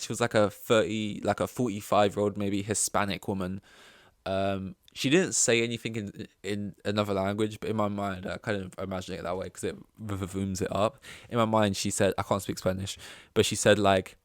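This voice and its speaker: A young man with an English accent talks through a meandering solo podcast rant. His voice sits fairly low and sounds close and dry, with no room around it. He keeps tripping over his sentences and throwing in swear words. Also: brisk, no room sound. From England. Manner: rambling, swears, self-interrupting. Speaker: podcast host.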